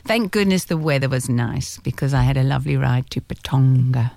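A woman's voice: very deep voice, a little fast, creaky, dark tone, no echo. A woman co-hosting a radio show, chatting casually and laughing easily as she talks. She is from South Africa. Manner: chatty, laughs often, trails off mid-sentence. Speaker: radio co-host.

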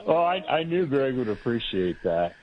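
A man's voice: mid-range voice, very animated, normal speed. A man co-hosting a talk radio show with teasing, joking banter. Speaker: co-host. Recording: dull lo-fi line with faint hiss.

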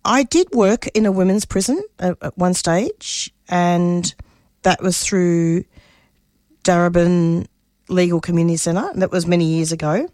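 A middle-aged Australian woman, a community radio producer, speaks passionately in a personal interview, restarting often, her voice rising when she's stirred. Her voice is lowish, a little slow and mellow, with clean studio sound and no room echo.

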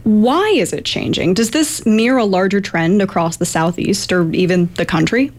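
Woman radio host, mid-pitched, asks crisp questions. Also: moderate pace. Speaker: radio interviewer. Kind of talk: public radio interview.

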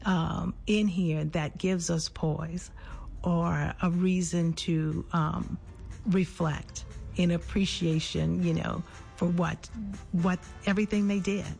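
Gravelly-voiced woman, measured and thoughtful. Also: on the low side, steady tone, darkish tone, faint music behind. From New Orleans. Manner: thoughtful, measured, with frequent fillers. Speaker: nurse and public health administrator. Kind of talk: conversational interview.

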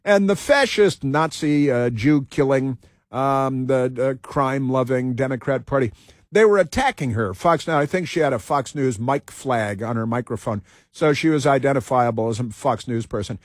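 A man's voice: mid-range voice, moderate pace, dry recording, clean studio sound. A male talk radio host giving combative commentary, repeating phrases for emphasis.

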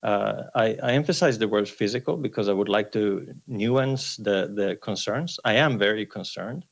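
A man's voice: lowish voice, moderate pace, gravelly. A man, an economics professor, answering interview questions hesitantly with many fillers over a breaking-up remote line.

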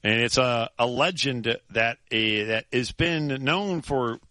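A man hosting sports radio, telling a story in animated chat full of restarts and laughs. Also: medium pitch, takes it slowly, no room sound.

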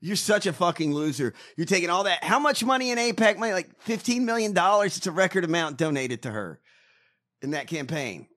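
Bright-voiced profane ranting man. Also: high-pitched, big pitch swings, a little fast. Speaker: podcast co-host. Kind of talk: casual political chat.

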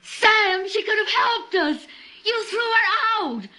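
An actress playing a frightened, hysterical wife in a 1940s radio drama, frantic and pleading. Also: female voice, very high-pitched, slow pace, sharp tone, heavily acted.

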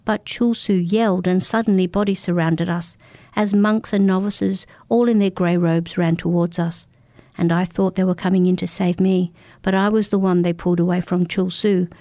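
A woman narrating a first-person folk tale in a calm, measured, intimate manner. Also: fairly low pitch, no echo. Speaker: storyteller.

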